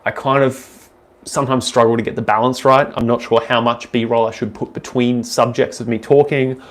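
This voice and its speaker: Young Australian man, Australian accent, mid-pitched, rambling, casual livestream Q&A. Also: fairly even intonation, moderate pace. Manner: rambling, loose, with frequent ums and restarts. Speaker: livestreamer answering viewer questions. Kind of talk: casual live Q&A chat.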